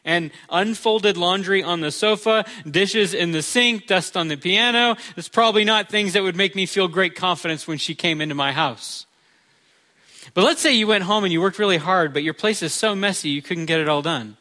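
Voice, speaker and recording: A man's voice: high-pitched, normal speed, pushed and bright. A male pastor preaching a sermon in a conversational way, with touches of humor.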